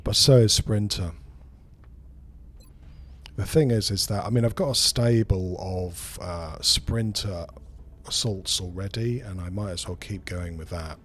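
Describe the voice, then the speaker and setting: A man's voice: deep voice, measured pace, fairly bright tone. A man streaming a strategy game who talks through his moves in rambling, casual commentary and swears freely.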